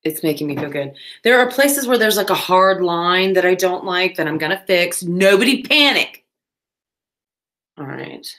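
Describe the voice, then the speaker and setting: A woman's voice: on the low side, lively intonation, normal speed, a bit bright. A woman, chatting casually on a crafting livestream, with playful asides.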